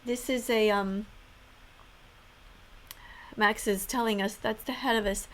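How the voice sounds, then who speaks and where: A woman's voice: mid-range voice, steady tone, unhurried. A woman commenting on videos in an earnest, emotional way, close to tears. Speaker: vegan activist vlogger.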